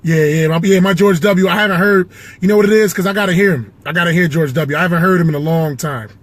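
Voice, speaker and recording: A man's voice: high voice, fast, dry recording. Rambling man doing impressions in a car. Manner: rambling, self-talking, swears often. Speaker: amateur impressionist. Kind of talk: casual impressions vlog. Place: inside a car.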